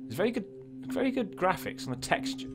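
A gaming YouTuber talks to himself through a horror game let's play, jumpy and swearing as he goes. His voice is high and very animated, and he talks fast. Spooky game music plays underneath.

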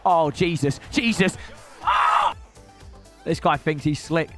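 A young man commentating his own football video game matches, excitable and sweary, ribbing his opponents. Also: a little high, moderate pace. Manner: excitable, shouty, sweary banter. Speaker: gaming YouTuber. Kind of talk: live gameplay commentary. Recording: game music behind voice.

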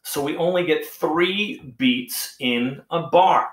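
A man's voice: fairly high pitch, slow, a bit bright. Man teaching music in an echoey room. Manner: explains patiently, counts beats aloud. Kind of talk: casual music lesson.

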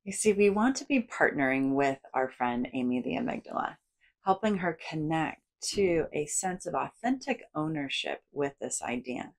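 Woman, low voice, swooping lively intonation, guided lesson on the brain, playful acted-out self-talk. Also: moderate pace. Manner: animated, acts out inner voices with big playful inflections. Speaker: psychologist and educator.

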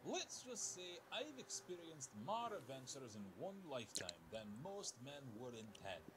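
A man's voice: fairly high pitch, big pitch swings, moderate pace, a bit bright. An actor playing a wry male bartender and self-styled adventurer in a video game, telling tall tales in a dry voice. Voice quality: dry, wry storyteller delivery. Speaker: bartender applicant.

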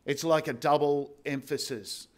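A man preaching a sermon as pastor, slow and emphatic with repeated phrases. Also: fairly high pitch, steady tone. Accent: Australian.

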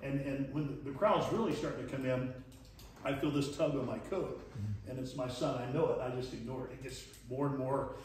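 A man's voice: medium pitch, fairly quick, darkish tone. A man teaching a leadership lesson as a pastor, telling stories in a folksy, chuckling way and acting out the dialogue. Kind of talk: storytelling sermon lesson. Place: church hall. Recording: echoey distant church room recording.

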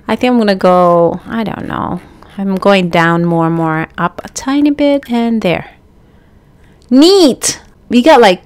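Woman, gameplay commentary, casual, slow-paced, chats to the characters, excitable. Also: mid-range voice, clean tone. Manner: chatty, talks to the game characters, bursts into excited exclamations. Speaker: gaming channel host.

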